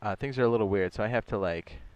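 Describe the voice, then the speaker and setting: A man's voice: fairly low pitch, fast talker, clean tone, no room sound, dull audio. A man streaming a building game, chatting casually and rambling a little, with slangy asides to his viewers. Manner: relaxed, rambling, slangy ("dog", "my guy"). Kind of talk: casual livestream chat.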